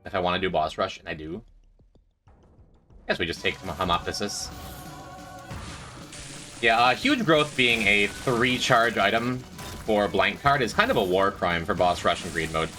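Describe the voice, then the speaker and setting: Male streamer, low pitch, animated, wry, music in the background. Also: normal speed, long pauses. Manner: dry, joking, talks to chat. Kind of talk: casual gameplay commentary. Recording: faint music behind.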